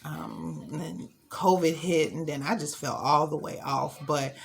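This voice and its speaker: A woman's voice: sits low, animated, measured pace, vocal fry. A young woman chatting candidly to her viewers in a casual vlog, talking loosely and calling them y'all. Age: young adult. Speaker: vlogger. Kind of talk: casual vlog chat to camera. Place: at home, later at a gym.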